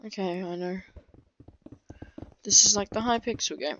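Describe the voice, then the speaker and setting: Slow-talking excitable woman gamer. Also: mid-range voice, dull audio. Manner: excitable, quick to outbursts of frustration. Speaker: gaming video creator. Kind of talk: live gameplay commentary.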